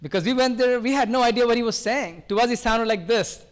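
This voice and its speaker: An older man from India doing a loud, fast-talking live stand-up routine, joking with the crowd at a variety show. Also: very high-pitched. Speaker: stand-up comedian.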